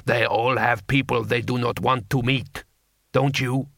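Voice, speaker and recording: A man's voice: mid-range voice, steady tone, unhurried, vocal fry, a bit bright, no echo, studio quality. A man voicing a blunt, unimpressed male warlord who speaks sharply and matter-of-factly.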